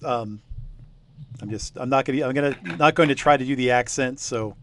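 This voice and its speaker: A man's voice: mid-range voice, fairly quick, slight background noise. A man running a tabletop game, talking casually with lots of hesitations and laughs. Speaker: game master.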